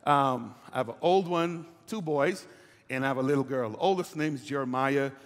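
A man's voice: mid-range voice, normal speed, long reverb tail. An older man, a pastor, preaching a sermon in a conversational way, with asides to the congregation.

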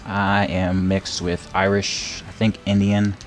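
Deep-voiced rambling young man gaming. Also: takes it slowly. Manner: rambling, repeats words, laughs often, gets loud and excited when hit. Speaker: gameplay streamer. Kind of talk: casual gameplay commentary. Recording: faint game music behind.

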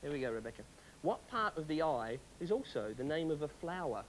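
A woman's voice: deep voice, very animated, a little fast, slight background noise, rough recording. Bubbly woman playing quizmaster. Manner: bouncy, chatty quizmaster patter. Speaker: pretend game show host. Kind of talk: playful game show role-play.

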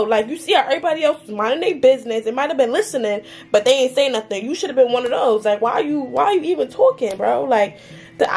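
A young woman, ranting in a casual storytime vlog, heated and full of swearing and filler words. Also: fairly high pitch. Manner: heated, profane ranting with lots of "like" and "mind you". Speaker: vlogger.

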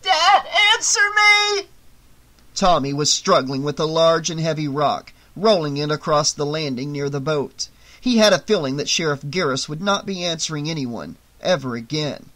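A man's voice: on the high side, moderate pace, fairly bright tone. A man reading a horror novel aloud as an audiobook, in dramatic, tense scripted narration.

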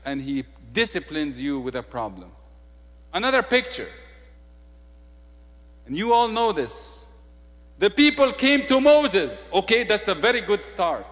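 A man with an Egyptian accent preaching a sermon, swinging between quiet, intimate asides and loud, emphatic declarations. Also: high-pitched, very animated, a little slow, pauses often, long reverb tail.

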